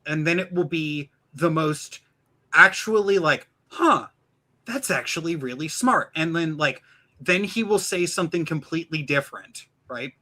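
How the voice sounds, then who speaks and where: A man with a bright, forward tone and a slightly high pitch talks in a loose streamed conversation. He stumbles and restarts often. When he quotes a book, he drops into a mock announcer voice. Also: normal speed, poor audio. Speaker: podcast guest. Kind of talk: casual streamed chat.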